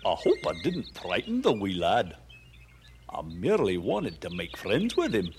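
An actor playing a gentle, eager male dog who stammers in a storybook radio play. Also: medium pitch, noisy background. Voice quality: folksy, stammering, yelps when hurt.

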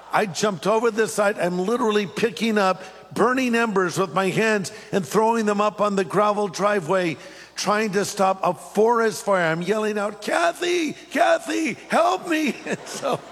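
A man from California preaching a sermon, telling a lively personal story and then reading scripture slowly. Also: high-pitched, in a large hall. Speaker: pastor.

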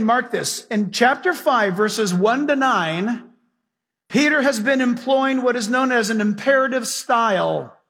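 High husky-voiced preacher guy, lively sermon, echoey church hall. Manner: animated preaching, acting out scenes, folksy asides. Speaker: pastor. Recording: hall reverb.

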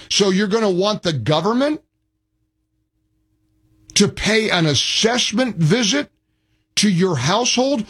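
A man's voice: high-pitched, expressive, measured pace, pauses often, fairly bright tone, breathy edge. A male radio talk show host who mocks and argues with callers, talking over them in a combative call-in style. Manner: mocking, argumentative, talks over callers.

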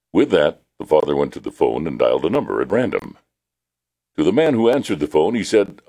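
A male radio host reading station news and telling a joke with animated character voices. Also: extremely low pitch, brisk, creaky.

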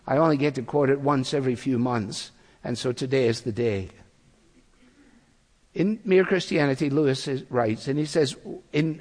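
A man preaching a sermon, speaking earnestly and slowing down to quote scripture. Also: fairly high pitch, darkish tone, in a large hall. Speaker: pastor.

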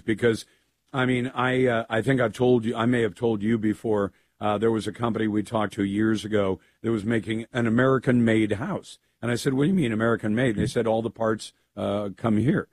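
A man hosting a talk radio show, with a gravelly voice and a conversational, rambling manner. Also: fairly low pitch, normal speed, dry recording.

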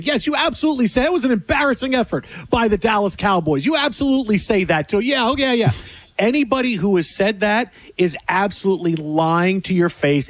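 A man's voice: high-pitched, no echo. A man hosting sports talk radio, ranting emphatically and repeating himself for effect. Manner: emphatic, repetitive, animated.

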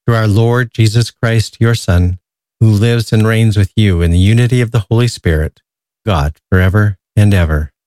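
A man with a low voice leads a prayer in a calm, formal way. He speaks close to the mic in a dry room. His tone is steady and composed. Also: moderate pace, dry recording. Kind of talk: spoken prayer and radio promo.

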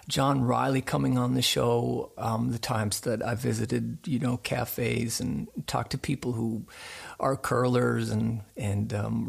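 A man from the United States who hosts a radio show, telling a story in an animated way during a radio interview. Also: mid-range voice, vocal fry, breathy edge. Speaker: show host.

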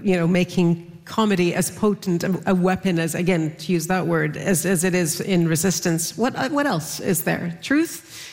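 A woman moderating a live panel, asking deliberate, measured questions. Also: fairly low pitch, darkish tone, in a large hall.

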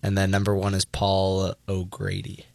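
Young guy cohost, lowish voice, says like a lot, dry close mic. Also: monotone, a little mellow, dry recording. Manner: chatty, many likes, quick to laugh off. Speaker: radio co-host. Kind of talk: casual radio chat.

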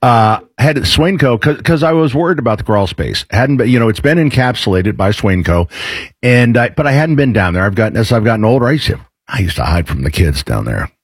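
A man's voice: mid-range voice, big pitch swings, fairly quick, husky, no echo. A man hosting a radio show, reading an ad in a joking, rambling way. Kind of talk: casual radio chat and live-read ad.

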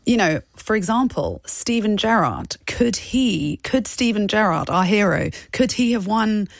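A woman's voice: mid-range voice, animated, a little slow, vocal fry, no echo. Woman studio guest, musing aloud. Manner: musing, asks questions aloud. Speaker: studio guest, football fan. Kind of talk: radio discussion.

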